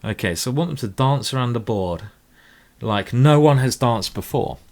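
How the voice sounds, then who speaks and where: A man's voice: medium pitch, expressive, normal speed, a little mellow. A man commentating live blitz chess games, rambling and emotional with tipsy asides. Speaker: chess streamer.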